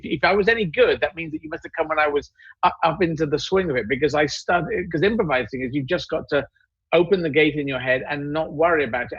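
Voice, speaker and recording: Man, husky voice, rambling halting storyteller, slightly high pitch, dull dry video-call sound. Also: fairly bright tone, no echo. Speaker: comedian. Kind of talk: casual panel chat.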